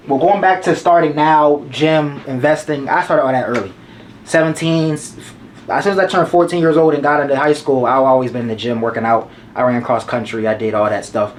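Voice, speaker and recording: A young man in his twenties talks straight to the camera in a loose, slangy advice monologue and hammers his points home by repeating them. His voice sits at an everyday middle pitch. A faint hum of room ambience stays under him. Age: 20s. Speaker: vlogger giving advice.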